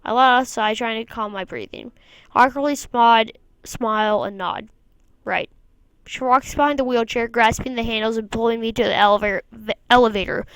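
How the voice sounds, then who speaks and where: A woman's voice: on the high side, clear, resonant tone, no room sound, low-quality recording. A woman reading a visual novel aloud, mostly plain narration with the odd wry aside. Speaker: gamer.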